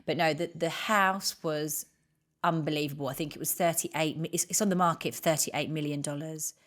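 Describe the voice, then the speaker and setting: A woman's voice: deep voice, fairly even intonation, normal speed, fairly bright tone. A woman co-hosting a podcast, telling an anecdote in casual chat and acting out the people she quotes. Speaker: podcast co-host.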